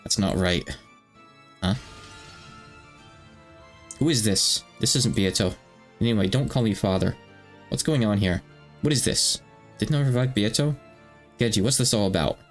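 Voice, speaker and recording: A man's voice: on the low side, measured pace, pauses often, faint music behind. A man voicing a brash, demanding young man who is exasperated and insistent. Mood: agitated.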